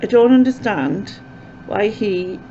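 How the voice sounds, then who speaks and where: A woman's voice: medium pitch, expressive, slow, mellow, slight background noise. A woman chatting casually as a vlogger, rambling with lots of fillers, recorded with dull, lo-fi sound. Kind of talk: casual chat to camera.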